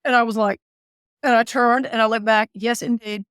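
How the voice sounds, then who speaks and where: Animated woman telling a story. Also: fairly high pitch, moderate pace, smooth, no echo, studio quality. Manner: animated storyteller, laughs often. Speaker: guest, author and former caregiver. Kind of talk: storytelling interview.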